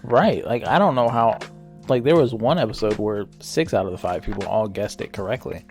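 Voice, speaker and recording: A man's voice: fairly low pitch, brisk, darkish tone, soft background music. A young man co-hosting a podcast, telling a story in casual, profane chat and often breaking into laughter. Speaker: podcast co-host. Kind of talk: casual chat, retelling a show with acted quotes.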